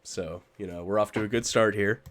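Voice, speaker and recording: A man's voice: lowish voice, fairly even intonation, fairly quick. A man streaming a reaction to a video, with casual commentary full of sarcastic asides and frequent laughter.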